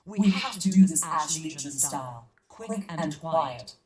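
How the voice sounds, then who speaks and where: A steady charr soldier. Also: female voice, sits low, measured pace. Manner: earnest, reassuring. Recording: game audio over battle noise.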